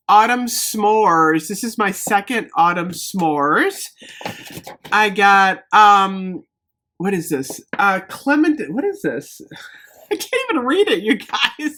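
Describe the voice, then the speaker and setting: Casting: excitable woman vlogger, lively sing-song pitch, casual haul chat. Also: a little hiss or hum. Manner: bubbly, excitable, gushing.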